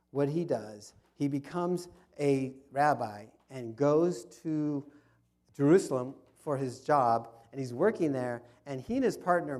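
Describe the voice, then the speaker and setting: Man, club history talk, slightly high mellow voice, storyteller who restarts phrases. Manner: storytelling with frequent restarts and repetitions. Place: fellowship hall.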